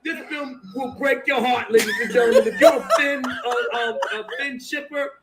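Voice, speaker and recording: Excitable laughing male host. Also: extremely high pitch, normal speed, a crowd in the background. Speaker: livestream host. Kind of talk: casual livestream chat.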